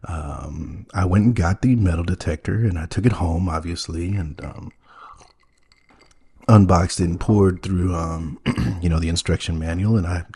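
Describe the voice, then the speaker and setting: A man with a low, mellow voice and a husky edge tells a comedy story in a deadpan, wide-eyed way. He halts often, filling gaps with ums and you-knows as he plays it earnest. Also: normal speed. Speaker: podcast host playing a naive character.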